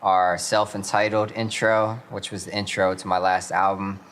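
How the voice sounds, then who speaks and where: Young man, very low voice, relaxed radio guest, faint background hum. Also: moderate pace. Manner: relaxed, chatty, many fillers. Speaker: rapper guest. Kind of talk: casual radio interview.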